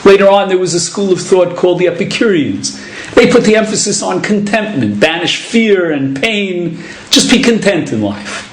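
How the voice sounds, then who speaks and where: High-voiced rabbi lecturing in an echoey room. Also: male voice, expressive, slight background noise. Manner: measured, deliberate teaching delivery with Hebrew terms. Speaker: rabbi giving a Torah class.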